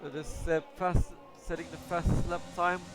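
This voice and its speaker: A man commentates a sim racing event in a loose, unscripted way, hedging and trailing off as he follows the cars. His voice sits a little high for a man. Clear music plays under him the whole time. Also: flat delivery, moderate pace. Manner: casual, hesitant, thinking aloud. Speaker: race commentator. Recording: music playing behind.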